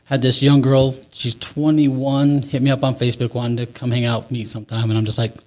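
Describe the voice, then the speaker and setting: Fast-talking man telling his recovery story. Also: mid-range voice, flat delivery, a little mellow. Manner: rambling, repeats words, nervous laughs. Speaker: interview guest. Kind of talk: candid recovery story, conversational.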